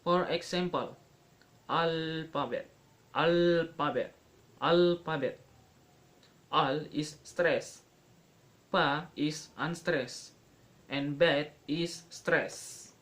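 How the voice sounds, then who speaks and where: A young man giving a classroom pronunciation lesson, halting and restarting, repeating each example word slowly. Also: a little high, steady tone, fairly bright tone, poor audio. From Indonesia. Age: young adult. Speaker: student presenter.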